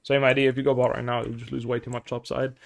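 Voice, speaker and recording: A man's voice: medium pitch, little pitch movement, quick pace, gravelly. A man coaching a player through a game review in casual talk, blunt and swearing a lot, acting out little scenes.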